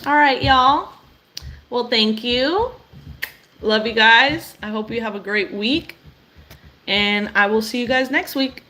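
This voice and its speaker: A woman's voice: on the high side, takes it slowly, pauses often, a little hiss or hum. A young woman hosting a weekly live stream, talking encouragingly and directly to her viewers. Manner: warm, affirming, addresses viewers directly.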